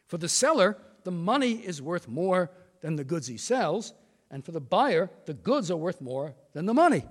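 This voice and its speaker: Older male lecturer, high lively voice, reverberant lecture hall. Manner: measured, reads quotations with emphasis. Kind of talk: formal prepared lecture.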